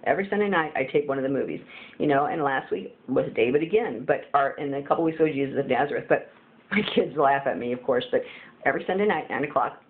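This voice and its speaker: A woman's voice: extremely low pitch, lively intonation, fast talker. A woman giving a casual spiritual testimony, rambling and earnest with many fillers, as a Christian video blogger. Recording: tinny phone-like audio with faint hiss.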